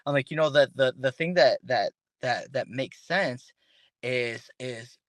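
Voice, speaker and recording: A man speaking as a guest on an interview podcast in casual, animated talk. He often restarts his sentences and acts out the voices of the people he quotes. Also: mid-range voice, a little slow, no room sound.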